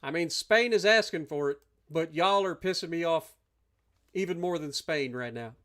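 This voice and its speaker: A man's voice: on the high side, normal speed, fairly bright tone. Profane ranting male game streamer. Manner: profane, ranting and swearing at the opponents. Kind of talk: live gameplay commentary.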